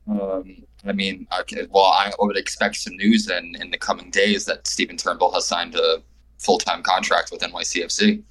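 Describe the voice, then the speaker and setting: Male podcast co-host, lowish voice, rambling, hedging delivery. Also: little pitch movement, moderate pace, a bit bright, a little hiss or hum. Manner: hedging, many repeated "like" and "I mean". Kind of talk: casual football chat.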